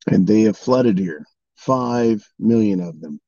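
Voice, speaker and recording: A man's voice: on the low side, lively intonation, slow, warm tone, no room sound, lo-fi sound. A man delivering an angry political monologue, swearing and mocking opponents in sarcastic voices. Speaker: political commentator. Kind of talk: ranting monologue.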